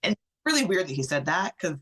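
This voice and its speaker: Her pitch fairly low and her voice slightly rough, a middle-aged woman speaks fairly quickly as a podcast guest. She relates a personal story animatedly, voicing other people's lines and peppering it with "like."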